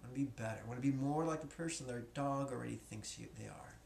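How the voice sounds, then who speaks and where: A man's voice: medium pitch, quick pace, creaky, darkish tone. A man teaching as a spiritual teacher, joking and casual, in a classroom. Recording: echoey room, faint noise.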